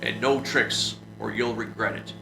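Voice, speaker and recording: A man's voice: fairly low pitch, fairly even intonation, unhurried, vocal fry. A man reading as a snarling foreign stranger. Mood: menacing. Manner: curt, snarling orders. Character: menacing foreign male stranger, about thirty, curt and threatening. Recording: roomy echo with music behind.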